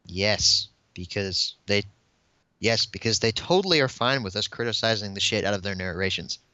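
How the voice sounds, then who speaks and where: A man's voice: on the low side, normal speed, pushed and bright, clean tone, no room sound. A young man guesting on a casual podcast, giving opinionated rants. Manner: opinionated, ranting. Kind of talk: casual chat. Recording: dull, lo-fi dry sound.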